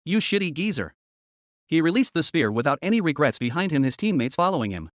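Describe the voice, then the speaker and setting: A man narrating a comic story recap in a rushed, even storytelling manner. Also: on the high side, no echo, clean studio sound.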